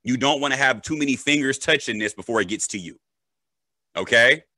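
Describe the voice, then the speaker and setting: A man's voice: mid-range voice, fairly quick, pushed and bright, no echo. An adult man, a father, explaining crypto casually with a joking manner and frequent "right?" and "okay?" check-ins. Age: adult, a parent. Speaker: crypto educator.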